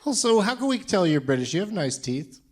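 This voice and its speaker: A man's voice: sits high, very animated, fairly quick, noisy background. A man hosting a live comedy podcast on a club stage, teasing his guests and laughing often. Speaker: podcast host. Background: live audience laughter.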